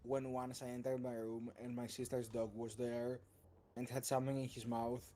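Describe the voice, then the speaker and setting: A man's voice: medium pitch, level tone, moderate pace, dark tone, slight background noise. Man chatting at a tabletop game. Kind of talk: casual tabletop game chat.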